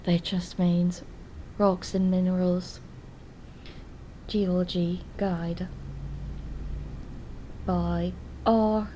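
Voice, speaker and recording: A young woman playing an earnest, lonely diarist in a video diary, speaking hesitantly and softly, often slipping into whispers. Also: fairly low pitch, flat delivery, extremely slow, long pauses, a little hiss or hum, low-quality recording. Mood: confiding. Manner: hesitant and soft-spoken, drifting into whispers. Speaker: diary vlogger character. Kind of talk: in-character diary vlog.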